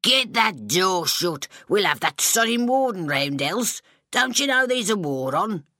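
Brief: rowdy jeering drinkers in a storybook, coarse and mocking, pitched up, put on by a woman narrator. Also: very animated, takes it slowly, no room sound, clean studio sound. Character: jeering drunk pub crowd members.

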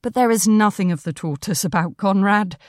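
A woman's voice: medium pitch, moderate pace, a little mellow, no echo, studio quality, lightly acted. Woman doing a polite, wry boat dweller.

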